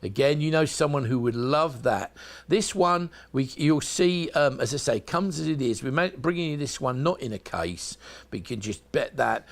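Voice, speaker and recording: A man with a South London accent, presenting home shopping in a chatty sales pitch that speaks straight to viewers. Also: animated, moderate pace.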